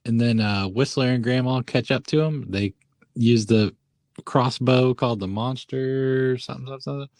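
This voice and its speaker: A man's voice: medium pitch, moderate pace, a little mellow, dry recording, clean studio sound. A man co-hosting a podcast, retelling a movie in casual chat, laughing often and briefly acting out the characters' lines. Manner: laughs often, acts out quotes in funny voices. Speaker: podcast co-host.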